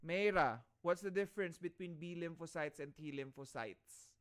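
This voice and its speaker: A man's voice: on the high side, normal speed, fairly bright tone, clean tone. A man with a Filipino accent lecturing an online class, restarting phrases and checking in again and again with his listeners. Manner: checks in constantly with "all right?"; restarts and repeats phrases as he explains.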